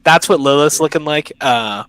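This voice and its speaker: A man's voice: a little high, normal speed, crowd noise, low-quality recording. A young man hosting a casual podcast chat over an online call, enthusiastic and slangy, often cutting himself off mid-sentence. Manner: enthusiastic, slangy, self-interrupting. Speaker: podcast host.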